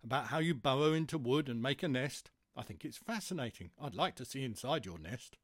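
A man's voice: mid-range voice, animated, brisk, no echo, clean studio sound, lightly acted. A man voicing a curious, eager little girl in a storybook. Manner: eager, inquisitive.

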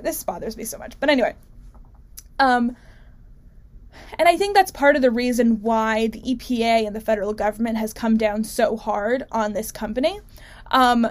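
Opinionated woman hosting a news show. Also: fairly high pitch. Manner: opinionated, animated, many fillers and restarts. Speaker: show host. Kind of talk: casual news commentary.

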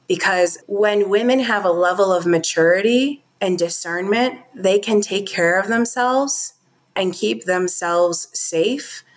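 A woman talking earnestly and from the heart as a guest in a podcast interview. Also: medium pitch. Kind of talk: conversational interview talk.

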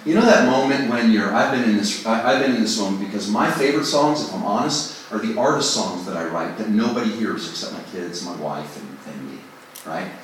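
A man's lowish, expressive voice moves a little fast over slight background noise as he teaches songwriting informally to a group. The mic sits far off in a large, very echoey room. He keeps it conversational and self-deprecating, dramatizing inner voices.

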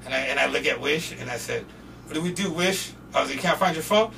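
A young man from Portland, a podcast guest, telling loose, profane stories in casual chat and shouting when he quotes people. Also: a little high, quick pace, gravelly. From Portland, Oregon. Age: young adult. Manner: loose, profane, animated storyteller who often shouts when quoting people. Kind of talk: casual storytelling. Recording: distant mic with faint noise.

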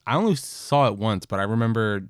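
A man with a fairly low voice rambles through casual podcast chat, hedging and filling with "like" as he goes. The mic is close and the sound is dry. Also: expressive, fairly quick, clear, resonant tone, no room sound. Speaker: podcast co-host.

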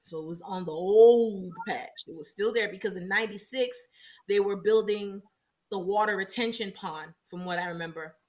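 A woman from South Florida, co-hosting a podcast and reminiscing in casual chat, animated and quick to laugh as she acts out old quotes. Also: medium pitch. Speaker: podcast co-host.

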